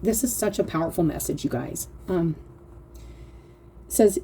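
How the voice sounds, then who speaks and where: Earnest lady doing an oracle card reading, low husky voice, reads slow and keeps talking to her viewers. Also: animated, warm tone. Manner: earnest, slow reading aloud, often addressing "you guys". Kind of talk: casual spiritual card reading.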